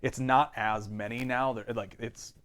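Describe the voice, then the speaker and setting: A man running a tabletop game as game master, narrating casually and often pausing on ums. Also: medium pitch, steady tone, a bit bright, clear, resonant tone.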